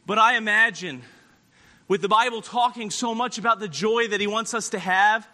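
A man preaching a sermon, retelling a Bible story and acting out the characters with shifting voices and sudden shouts. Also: high voice, moderate pace. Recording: long hall reverb.

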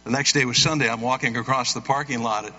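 Animated preacher man in a roomy church. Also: fast talker. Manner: animated, acts out quoted voices with big pitch jumps. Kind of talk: sermon with storytelling. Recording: roomy hall, dull lo-fi sound.

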